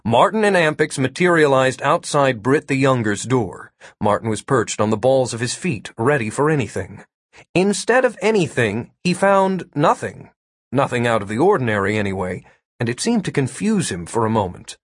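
Male narrator, husky, lively pitch, wry, dry close recording. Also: normal speed, no room sound. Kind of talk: scripted audiobook narration.

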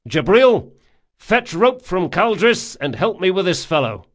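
A man reading an audiobook, voicing a bold young pirate captain who gives brisk orders to his crew. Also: sits high, big pitch swings, voice pushed up, full character voice. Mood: defiant. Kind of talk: audiobook character voice.

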